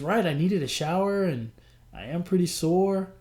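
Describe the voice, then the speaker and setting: A man hosting a podcast, telling a personal story in a chatty, animated way and acting out the dialogue. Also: sits high, brisk. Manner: animated, acts out quoted dialogue; chatty, frequent "I'm like" and "he goes". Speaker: podcast host. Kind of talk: storytelling monologue.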